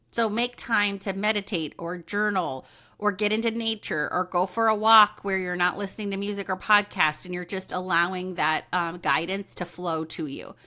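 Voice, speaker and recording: A woman's voice: fairly low pitch, bright, forceful tone. A woman hosting a solo podcast, chatting casually and animatedly about intuition and readings, often acting out what people say. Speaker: podcast host and intuitive medium.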